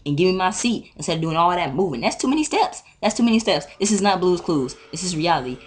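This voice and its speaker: A teenage girl with a low voice rants into her webcam. She acts out both sides of an argument with lively, profane energy, switching voices as she quotes each side. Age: teens. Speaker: vlogger. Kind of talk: casual storytime rant.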